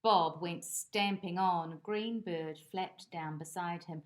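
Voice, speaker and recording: A woman reading a children's picture book aloud in an expressive, animated way. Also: lowish voice, slow. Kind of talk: children's storybook read-aloud.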